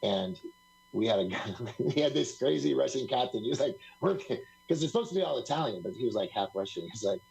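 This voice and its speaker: A man's voice: mid-range voice, expressive, a little fast, creaky, a little mellow, a little hiss or hum, rough recording. A man talking as a guest on a live talk stream, rambling through stories, laughing often and acting out what other people said.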